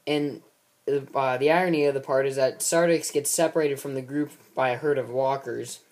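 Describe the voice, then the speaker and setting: A man's voice: medium pitch, fairly even intonation, brisk, darkish tone. Rambling guy recapping a story. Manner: rambling, with many ums and restarts. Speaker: amateur film maker recapping his series.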